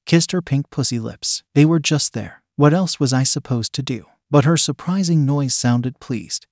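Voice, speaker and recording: A man's voice: mid-range voice, moderate pace, darkish tone, no room sound, clean studio sound. A man reading a first-person story aloud in a plain, conversational way. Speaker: narrator.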